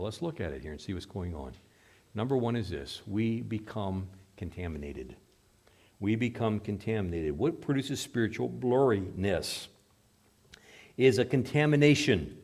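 Dynamic male preacher, hushed to booming. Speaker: pastor. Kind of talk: sermon.

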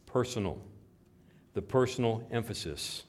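A pastor with a Midwestern American accent, preaching a sermon that swings from quiet to loud emphasis. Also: male voice, mid-range voice, animated, unhurried.

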